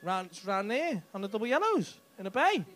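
A man's voice: high-pitched, big pitch swings, brisk, a bit bright. A man doing stand-up crowd work, cheeky and teasing, swearing freely as he chats with people in the audience on a club stage. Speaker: stand-up comedian. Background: faint audience laughter.

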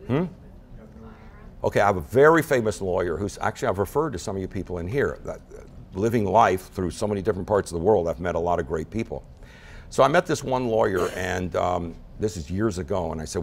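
Brief: male teacher addressing a room, gravelly, lively storytelling delivery. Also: low-pitched, a little fast. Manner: storytelling, acts out quoted people in changing voices. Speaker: speaker teaching about relationships. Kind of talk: talk to a live group.

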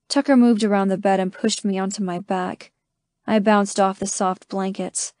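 Intimate, mellow woman narrator. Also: medium pitch, flat delivery, normal speed, no room sound, clean studio sound. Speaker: audiobook narrator. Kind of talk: scripted first-person narration.

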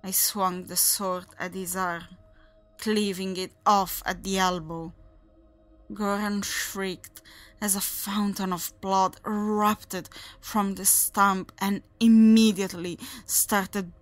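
A woman narrating a first-person horror story in a measured, unhurried way. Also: mid-range voice, flat delivery, no room sound, faint music behind.

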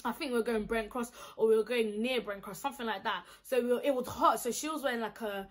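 A young woman with a London accent, telling a storytime vlog in an animated, indignant, slang-heavy way. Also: a little high, quick pace. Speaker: vlogger.

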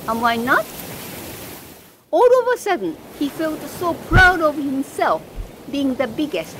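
A woman narrates a fable in a slow, expressive storybook manner. Her voice sits high and swings widely in pitch. Steady background noise hisses under the recording. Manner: slow, expressive read-aloud.

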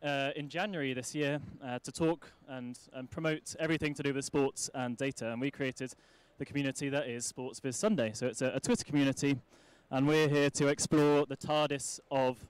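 A man's voice: medium pitch, fairly even intonation, a little fast, few pauses, smooth, no echo. A man presenting a live conference talk and introducing his co-hosts in a chatty, jokey way with many uhs. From United Kingdom.

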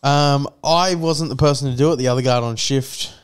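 An Australian man hosting a podcast, spinning a crude, swear-filled story and acting out each exchange. His voice is smooth and clear at a middle pitch. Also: steady tone, normal speed. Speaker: podcast host. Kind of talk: casual storytelling chat.

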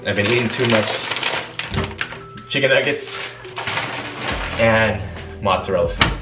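A young man vlogs casually in laid-back slang while shopping at a grocery store and cooking in his home kitchen. His voice is lowish and unhurried, with lo-fi music playing underneath.

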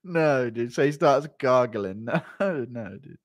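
A man's voice: mid-range voice, lively intonation, slow. Giggly man on a livestream. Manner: giggly, keeps breaking into laughter; crude joking banter. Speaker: livestreamer reacting to chat. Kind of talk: casual livestream chat.

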